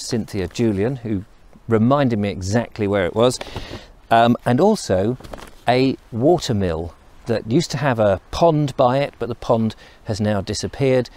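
A middle-aged Englishman with a mid-range, darkish voice vlogs casually while walking through countryside and woodland. He's chatty and enthusiastic, often wandering off into asides.

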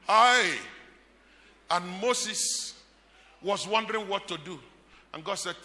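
A Nigerian man preaching a sermon, emphatic and repetitive, with shouted peaks. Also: high-pitched, slow, long pauses. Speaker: pastor. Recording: echoey hall reverb.

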